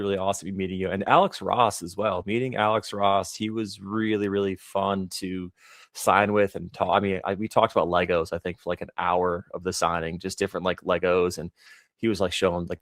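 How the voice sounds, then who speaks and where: A man's voice: sits low, no room sound, clean studio sound. A man hosting a podcast, chatting casually and enthusiastically with lots of filler words. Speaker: podcast host.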